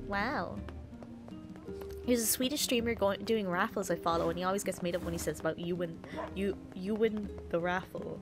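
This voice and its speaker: A woman's voice: mid-range voice, moderate pace, music in the background. A young woman chatting casually while streaming a game, rambling and sweary, with lots of restarts.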